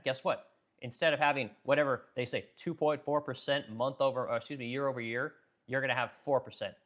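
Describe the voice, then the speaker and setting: A man's voice: medium pitch, a bit bright. A middle-aged man and business owner ranting heatedly on a livestream, swearing often, repeating himself and stumbling over his words. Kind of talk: heated political rant on a livestream.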